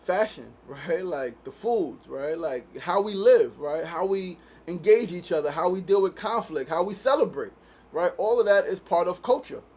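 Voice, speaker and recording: A man's voice: high voice, expressive, moderate pace, a little mellow. Laid-back New man hosting a show. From Queens, New York. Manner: laid-back, profane, keeps tagging "right?". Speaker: podcast host. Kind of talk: casual daily show monologue. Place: studio.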